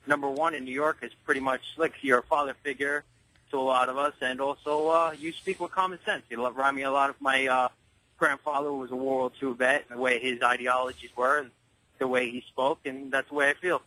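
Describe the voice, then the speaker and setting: A man in his twenties calling in to a talk show, earnest and eager, halting now and then as he talks. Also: medium pitch, steady tone, sharp tone, no room sound, rough recording. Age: 20s. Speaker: caller. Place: New York.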